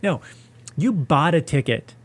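A man's voice: fairly high pitch, expressive, a little slow. A man hosting a solo comedy podcast, ranting with profane sarcasm.

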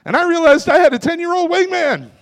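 Stand-up comic, man in his forties, raised pitch, deadpan self-mocking jokes, reverberant club room. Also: fast, gravelly. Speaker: stand-up comedian. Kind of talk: stand-up comedy set. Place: comedy club stage.

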